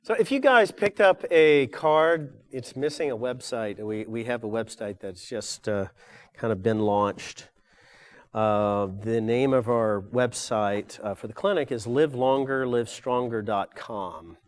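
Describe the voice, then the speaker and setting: A man's voice: medium pitch, unhurried. An older man giving a live lecture to an audience, rambling along with frequent fillers and self-corrections.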